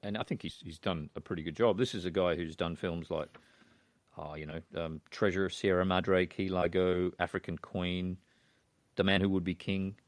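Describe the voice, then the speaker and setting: A man's voice: low voice, steady tone, moderate pace, no room sound. A man co-hosting a podcast, talking casually about a film with hesitant, trailing phrasing. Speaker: podcast co-host.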